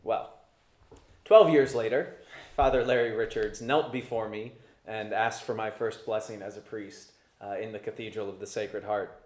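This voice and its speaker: A man giving a homily as a Catholic priest, speaking in a relaxed, conversational way with fillers and restarts. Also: on the low side, moderate pace. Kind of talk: homily mixing personal story and preaching. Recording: echoey room.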